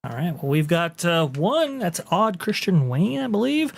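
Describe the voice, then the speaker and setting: Upbeat guy plugging his podcast, bouncy pitch, gravelly fry in the voice. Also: sing-song, measured pace. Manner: eager, upbeat promoting. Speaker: co-host and podcast host. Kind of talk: casual livestream panel chat.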